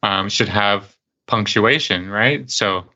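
Male co-host, halting and repetitive, forceful sharp tone, dull lo-fi sound. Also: on the low side. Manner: halting, repeats words. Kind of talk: casual radio show chat.

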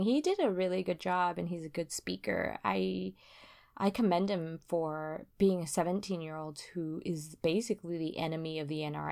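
A young woman co-hosting a relaxed podcast, rambling with plenty of fillers. Her voice has a gravelly fry to it, and laughter keeps breaking through her chat. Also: on the low side. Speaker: podcast co-host. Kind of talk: casual chat.

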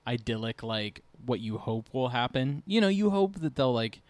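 A man's voice: mid-range voice, animated, normal speed, no room sound. Candid, rambling man on a podcast. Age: middle-aged. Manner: candid, rambling, many fillers. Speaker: podcast co-host. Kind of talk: casual podcast chat.

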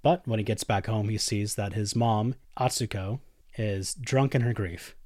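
A man with a fairly low voice recaps a story in a loose, profane podcast chat, briefly slipping into the characters' lines. The sound is dry and close. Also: darkish tone, no echo. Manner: swears casually, acts out characters' lines in quick bursts. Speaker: podcast host.

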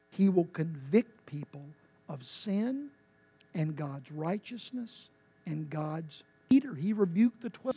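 A man preaching a sermon as pastor, impassioned, swinging from quiet to loud with emphatic repetition. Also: high voice, dry recording.

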